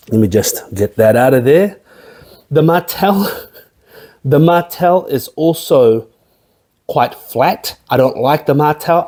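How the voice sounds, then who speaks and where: A man with a medium-pitched, warm voice hosts a spirits review channel and leads a casual tasting. He's chatty and rambling, tossing in jokey asides.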